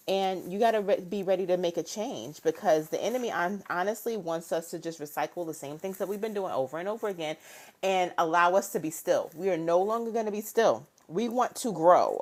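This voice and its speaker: Woman in her thirties, business coach live-streaming from home, low-ish voice, animated and chatty, greets viewers by name. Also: moderate pace. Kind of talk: casual motivational live stream.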